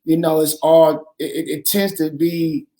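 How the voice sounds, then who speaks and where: A man's voice: on the high side, little pitch movement, unhurried, warm tone. A man hosting an earnest advice talk, speaking emphatically and repeating his phrases, with plenty of fillers.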